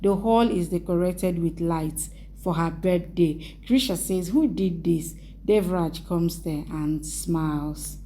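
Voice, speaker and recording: A woman narrating a TV drama recap in brisk, plain sentences. Her voice is dark and mellow, warm rather than bright, and she reads steadily as the narrator. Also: lowish voice. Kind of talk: reading a drama episode recap.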